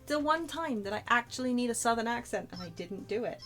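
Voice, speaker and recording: A woman streaming a game in casual chat. Her voice is very high and quick. She mocks herself in rapid asides between lines. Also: animated, a bit bright, soft background music. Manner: self-mocking, quick asides.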